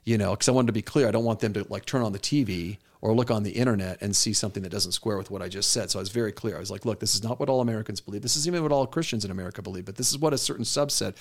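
Middle-aged male pastor, podcast co-host, lower register, earnest storyteller. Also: very fast, few pauses. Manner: earnest, storytelling with quoted dialogue. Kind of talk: conversational podcast talk.

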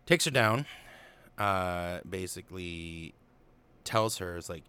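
This young man's voice sits low and moves slowly, bright, forceful and clean. He's a film commentator casually recapping and analyzing a movie, rambling with plenty of fillers and offhand takes on the characters' lines.

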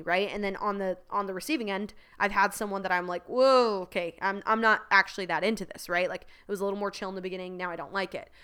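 A woman hosting a podcast, telling a story in a casual monologue, animated and laughing often, with lots of "like" fillers. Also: medium pitch, clean tone. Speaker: podcast host.

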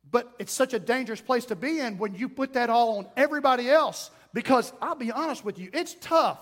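A middle-aged man preaching a sermon as pastor, emphatic and repetitive, with quick self-talk asides. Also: extremely high pitch, fairly bright tone. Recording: long reverb in a hall.

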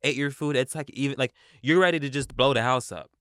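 A young man co-hosting a podcast, telling an animated, profane story in casual chat. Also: mid-range voice, quick pace, no echo, studio quality. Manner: animated, profane, replays his own quotes. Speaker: podcast co-host.

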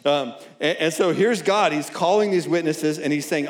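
A man's voice: fairly high pitch, normal speed. A man preaching a sermon to a college crowd in a casual, conversational way, often checking in with "right?" and reading scripture aloud. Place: church hall at a college service. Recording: echoey room.

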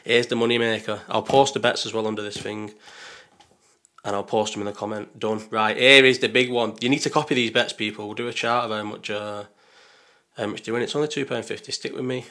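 A man's voice: on the low side, fairly even intonation, brisk, a bit bright. Rambling man mulling bets aloud. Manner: rambling, talks to himself, second-guesses aloud. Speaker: betting vlogger. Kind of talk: casual chat while placing bets.

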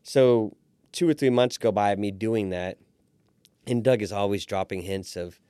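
Animated man telling a story, dry sound. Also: fairly low pitch, moderate pace, smooth, dry recording. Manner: animated storyteller who acts out quoted voices. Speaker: restaurant owner, podcast guest. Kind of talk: storytelling in a casual interview.

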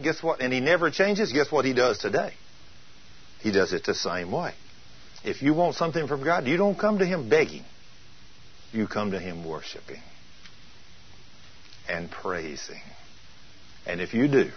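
A man teaches a sermon with a husky, slightly rough voice. He drives his points home with emphatic rhetorical questions. The recording sounds dull and lo-fi. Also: medium pitch. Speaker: preacher.

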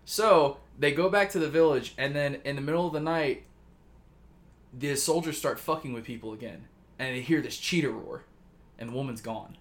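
A man's voice: medium pitch, normal speed. A man casually retelling a story on a podcast, rambling with lots of fillers and swearing. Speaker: podcast co-host pitching a story.

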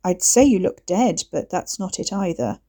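Wes, a woman voicing a halting blunt young man. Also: on the low side, big pitch swings, warm tone. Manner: halting, hesitant speech.

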